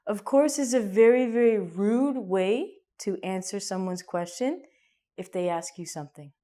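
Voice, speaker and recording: A Canadian woman with a Canadian accent gives a casual online English lesson, joking around and acting out little scenes that swing suddenly between loud and hushed. Her medium-pitched voice is animated and unhurried.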